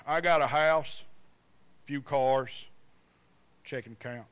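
A man's voice: mid-range voice, slow pace, fairly bright tone, smooth, dull audio, voice pushed down. A man preacher voicing a boastful grown man who brags about his possessions with a swaggering drawl. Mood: bragging.

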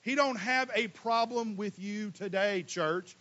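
A high-pitched man preaches a sermon in a folksy, animated way, booming on one line and dropping low on the next. The recording sounds dull and muffled. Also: unhurried. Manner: animated preaching, swings from loud emphatic to quiet asides; folksy, casual Southern US speech. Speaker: pastor.

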